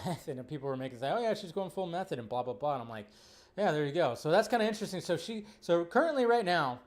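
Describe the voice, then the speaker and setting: A man hosting a casual live movie news stream, ranting incredulously, with profanity. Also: high voice. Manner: animated, incredulous rants with profanity.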